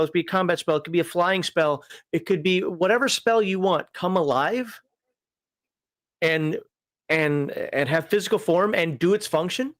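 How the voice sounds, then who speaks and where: Guy with a high voice rambling about tabletop games, laughs a lot, dry close sound. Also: a bit bright, dry recording. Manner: rambling, laughs often, frequent fillers. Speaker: podcast co-host reviewing a tabletop magazine. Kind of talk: casual chat.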